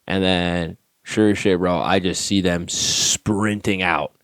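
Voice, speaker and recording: A man, an army staff sergeant guest on a podcast, telling stories casually in a profane, animated way and acting out the dialogue. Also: low-pitched, takes it slowly, smooth, no room sound, clean studio sound. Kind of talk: casual storytelling.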